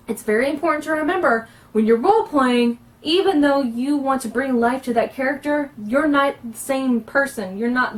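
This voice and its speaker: A woman explaining how to roleplay in an earnest, instructive way, pausing often. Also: on the high side. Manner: earnest, instructive, with frequent pauses. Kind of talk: casual explanatory lesson. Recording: recorded from a distance.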